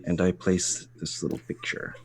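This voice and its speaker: A man's voice: moderate pace, heavy background noise. A man playing a tabletop game, speaking both in character and about his character's actions. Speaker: player.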